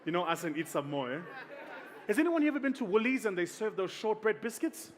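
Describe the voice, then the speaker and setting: A middle-aged South African man giving a keynote, telling a story in an animated, humorous way. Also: high voice, fast, some chatter behind, a little hiss or hum. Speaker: keynote speaker.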